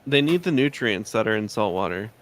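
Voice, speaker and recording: A man's voice: lowish voice, very animated, a little fast. A man chatting casually on a livestream, easygoing and explanatory, often laughing.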